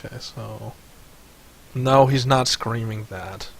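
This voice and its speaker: A man's voice: medium pitch, slow, creaky, breathy edge. A man running a tabletop game as game master over voice chat, rambling with many fillers. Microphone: headset or desk mic on voice chat.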